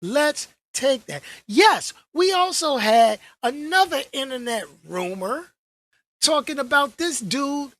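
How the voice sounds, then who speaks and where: A man hosting his own channel, ranting casually to camera in an animated, slangy way and repeating phrases for emphasis. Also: very high-pitched, slow pace, no room sound. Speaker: channel host.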